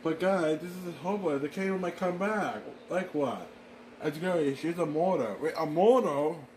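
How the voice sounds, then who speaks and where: A man improvising a fan drama, talking in a rambling, halting way with excitable exclamations. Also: fairly high pitch, slight background noise, low-quality recording. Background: music.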